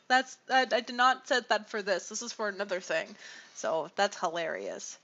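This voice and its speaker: A woman's voice: medium pitch, normal speed, dull audio, over music. A tired woman chatting casually with viewers on a livestream, rambling and apologetic, with sighs. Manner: rambling, apologetic, with frequent sighs and small laughs.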